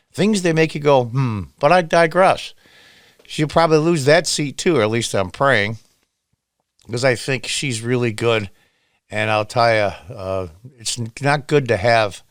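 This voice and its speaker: A middle-aged man from upstate New York hosting solo political commentary in a sarcastic, emphatic, lively way. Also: mid-range voice, no room sound, studio quality.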